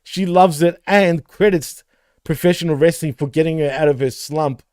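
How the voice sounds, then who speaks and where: Mellow-voiced man in casual podcast chat. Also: on the high side, moderate pace, clear, resonant tone, dry recording, clean studio sound. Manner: laid-back, swears freely, laughs often. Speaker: podcast co-host.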